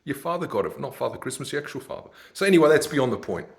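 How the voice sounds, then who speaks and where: Male vlogger, rambling sardonic rant, mid-pitched voice, chuckles at his own jokes. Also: expressive, very fast. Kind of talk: ranting monologue.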